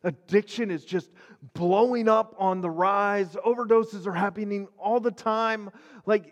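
Pastor, male, middle-aged: high-pitched and earnest, casual preaching with loose fillers, long reverb trailing behind. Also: fairly even intonation, measured pace. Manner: conversational, earnest, many fillers and restarts. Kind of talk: casual sermon video.

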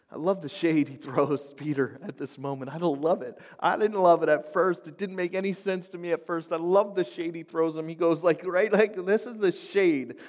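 Male preacher, high pitch, whisper-to-shout sermon dynamics, long church-hall reverb. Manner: swings from hushed whispers to loud shouted climaxes. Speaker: pastor.

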